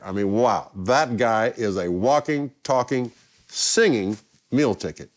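An older man from England, a guest telling anecdotes in a lively way and acting out the people he quotes. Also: fairly low pitch, measured pace. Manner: lively, acts out quoted voices. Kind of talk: anecdotal storytelling.

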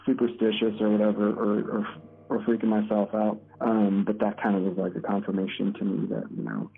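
Gravelly low-voiced man, phone-quality. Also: level tone. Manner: halting, hesitant, many fillers and restarts. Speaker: husband recounting events, ER worker. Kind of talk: recorded interview testimony. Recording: tinny phone-like audio.

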